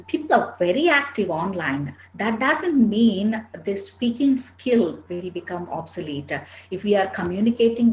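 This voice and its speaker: A woman with an Indian English accent answering students' questions in a lecture, firm and instructive. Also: mid-range voice. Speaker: soft skills trainer. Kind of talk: classroom Q&A lecture. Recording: roomy echo, faint background noise.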